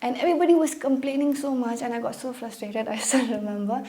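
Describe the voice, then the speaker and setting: Expressive young woman from Meghalaya, India. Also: a little high, fast talker. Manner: emotional, animated storytelling with acted-out quotes. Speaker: guest, pageant contestant. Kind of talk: conversational interview, personal storytelling.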